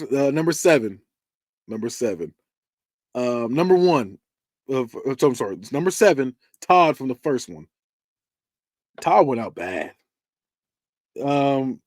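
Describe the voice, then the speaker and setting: A man's voice: on the high side, no echo, studio quality. A podcast host chatting casually through movie death scenes, acting out lines and laughing as he goes. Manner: animated, acts out quotes and screams, laughs often.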